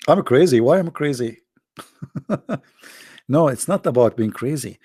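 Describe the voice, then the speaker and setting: A man's voice: medium pitch, lively intonation, normal speed, darkish tone, slightly rough, no room sound, studio quality. A man with joking and rambling in a teasing voice chat. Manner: teasing, rambling, non-native phrasing. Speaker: chat room speaker.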